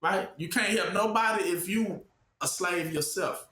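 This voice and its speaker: A man preaching informally, often pausing with "what?" for listeners to finish his sentences. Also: sits high, bright, forceful tone, reverberant. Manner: asks the audience to fill in the word with "what?".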